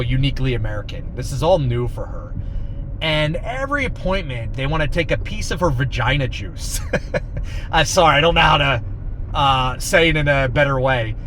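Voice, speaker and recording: A man's voice: on the high side, fairly bright tone, slight background noise. A man vlogging from inside a car, talking in a blunt, rambling, exasperated way. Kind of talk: casual monologue.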